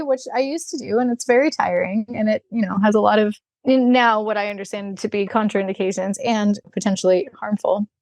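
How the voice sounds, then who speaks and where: A woman of middle pitch speaks as a podcast guest with blunt, lively candor. She slips into voicing other people and laughs as she goes. The recording is close and dry, with no room sound. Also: dry recording. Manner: candid and animated, acts out dialogue, laughs often. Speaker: guest, equine rehabilitator. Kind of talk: podcast interview, casual storytelling.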